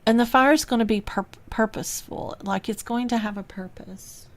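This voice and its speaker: A woman hosting a reflective spiritual podcast, talking in an unhurried, musing way with sighs and soft laughs. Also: a little high, steady tone. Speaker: podcast host and spiritual teacher.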